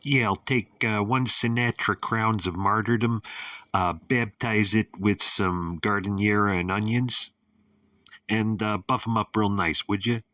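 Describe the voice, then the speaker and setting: A man voicing a loud, obnoxious New York tough guy ordering food, with a put-on New York accent. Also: lowish voice, fairly even intonation, unhurried, no room sound, clean studio sound, far from the mic, pitched above the performer's own voice. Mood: brash. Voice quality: brash, obnoxious.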